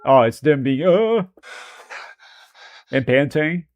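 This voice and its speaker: A man's voice: on the high side, animated, slow pace, no echo, highs cut off. A man chatting casually on a live stream while editing video, rambling and self-deprecating, often breaking into laughter.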